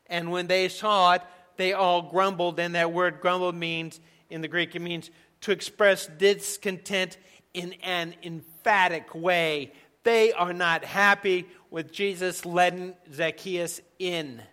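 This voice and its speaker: Male pastor, slightly high, bright tone, emphatic conversational sermon delivery. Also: fairly even intonation, slow pace, smooth. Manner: emphatic, conversational preaching with sudden soft drops.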